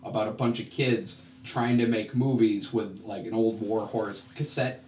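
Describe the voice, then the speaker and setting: A man co-hosting a podcast in casual chat, joking with quick asides. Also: fairly low pitch, steady tone, a little mellow, distant mic, a little hiss or hum. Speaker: podcast co-host. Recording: roomy echo, off-mic.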